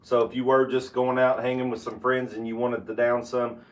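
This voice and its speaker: A man giving a casual tasting review of bourbon, talking with halting restarts and fillers. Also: mid-range voice, little pitch movement, reverberant, far from the mic. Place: home basement room.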